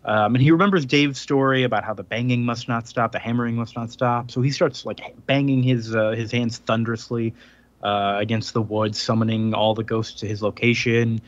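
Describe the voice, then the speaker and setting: A man's voice: mid-range voice, fairly even intonation, fairly quick, dull audio. A man co-hosting a podcast, retelling a comic's plot in a rambling casual way with lots of fillers. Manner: rambling, filler-heavy retelling with acted-out quotes. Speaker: podcast co-host. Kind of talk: casual chat recapping a comic.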